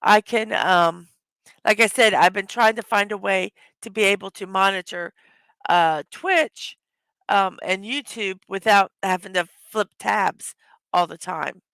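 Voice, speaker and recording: A hoarse, tired woman chats through a relaxed morning livestream and welcomes viewers one after another. Her voice is gravelly and her pace slow and unhurried. The sound is close and dry. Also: medium pitch, dry recording. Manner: warm greetings to chat viewers one by one. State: tired from little sleep. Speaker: livestream host. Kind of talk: casual morning livestream chat.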